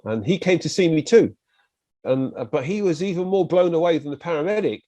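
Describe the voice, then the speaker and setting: Talking a little fast in a fairly high voice, a British podcast guest gives a vivid, conversational retelling of his story, performing other people's quotes in animated bursts. His accent is British English, and the recording has no echo.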